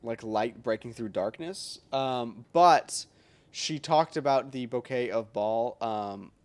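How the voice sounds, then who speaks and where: A man streaming a game, thinking aloud with many fillers and bursting into loud, excited reactions. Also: medium pitch, slow pace. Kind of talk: casual gaming livestream commentary. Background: game music.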